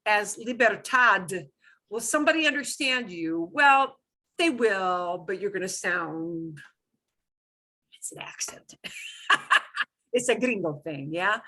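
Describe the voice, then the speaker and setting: A woman's voice: medium pitch, sharp tone. A woman teaching a beginners' Spanish class, explaining pronunciation patiently and repeating words for students to echo.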